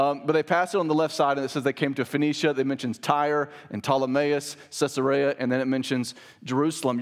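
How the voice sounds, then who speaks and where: A man preaching a sermon as pastor, earnest and emphatic, pushing up on stressed key words. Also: medium pitch. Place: church sanctuary.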